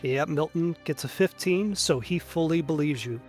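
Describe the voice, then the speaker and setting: A man's voice: on the high side, normal speed, over music. A man narrating a tabletop game as game master, casual, often saying "like". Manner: casual, frequent "like" fillers.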